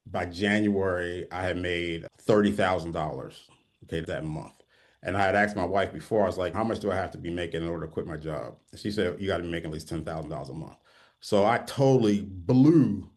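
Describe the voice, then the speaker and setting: A middle-aged man telling his own story to camera in a conversational way, often tagging points with "okay?". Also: sits low. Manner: conversational, keeps adding "okay?" at ends of points. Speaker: online marketing teacher. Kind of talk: personal story told to camera.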